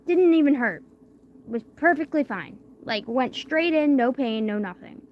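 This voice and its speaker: On a late-night livestream, a young woman with a high-sitting voice and lively intonation chats casually at an unhurried pace. The recording is muffled, with a little hiss or hum. Just out of wisdom teeth surgery, she speaks through a barely opened mouth, rambling with many fillers before drifting quiet.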